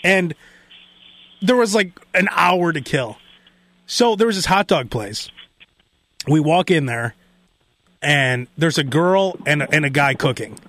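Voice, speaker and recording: A man, hosting a radio show and telling a story in casual, animated chat, imitating the people in it. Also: fairly high pitch, a little slow, pauses often, no room sound. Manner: animated, mimics people in quotes. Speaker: radio host. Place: radio studio.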